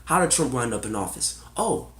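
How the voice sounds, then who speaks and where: A man giving a heated political opinion monologue, casual and sarcastic, swearing and firing off rhetorical questions, swinging from loud outbursts to low muttering. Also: lively intonation, normal speed, roomy sound, slight background noise. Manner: casual, swears, says y'all. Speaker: political commentator.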